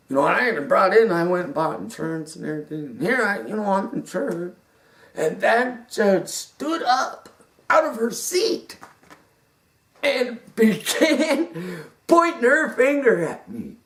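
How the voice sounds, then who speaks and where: Slow, halting man in a roomy space. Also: high-pitched, big pitch swings, a bit bright. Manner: halting, repeats words, earnest and devout. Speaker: speaker telling his story. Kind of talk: personal testimony monologue. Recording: roomy sound from a distant mic.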